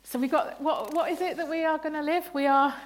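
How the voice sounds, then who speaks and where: A woman leads a bible study at a church service, speaking in a slightly high, light voice. She is playful and chatty, quizzing children and parents and laughing between points. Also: steady tone, a little fast. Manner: playful, laughing, asks the congregation questions. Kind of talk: interactive family sermon.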